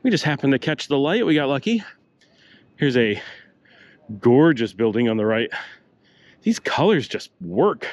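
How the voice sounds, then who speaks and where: The recording is muffled with no room sound as an older travel vlogger walks city streets outdoors, narrating a tour in a chatty, rambling manner. He talks a little slowly at medium pitch, with big pitch swings and long pauses, breathing a little hard and coughing slightly.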